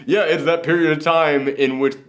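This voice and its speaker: A young man co-hosting a casual film review, talking fast and loose and slipping into mocking voices of characters. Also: a little high. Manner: animated, jumps into mocking impressions. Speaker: podcast co-host. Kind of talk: casual movie review chat.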